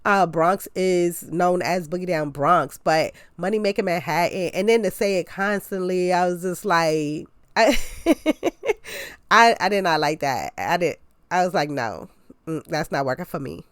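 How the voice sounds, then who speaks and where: A woman talks through a casual movie review, a little stuffed-up from a cold. Her voice sits on the low side for a woman, chatty and expressive, and she leans on "like" as she goes. The sound is dry and close, with no room echo. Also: moderate pace, clean tone. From New York. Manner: chatty and expressive, leans on "like", jumps up in pitch for emphasis.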